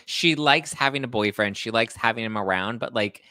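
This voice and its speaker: Guy with a bright, forceful voice giving his takes, dry close mic. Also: mid-range voice, moderate pace, no echo. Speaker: podcast guest. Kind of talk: casual pop-culture chat.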